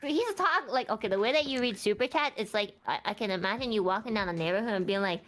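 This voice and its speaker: A woman's voice: mid-range voice, lively intonation, quick pace, a bit bright. A woman from Canada chatting on a stream collab, rambling and earnest, full of "like". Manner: rambling, lots of likes, earnest. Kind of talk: casual stream chat.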